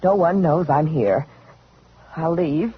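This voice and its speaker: An actress playing a frightened heroine in a 1940s radio drama, breathy, anxious and pleading. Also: female voice, low-pitched, expressive, slow, full character voice. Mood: panicked. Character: frightened woman heroine in panic. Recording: dull lo-fi vintage radio recording.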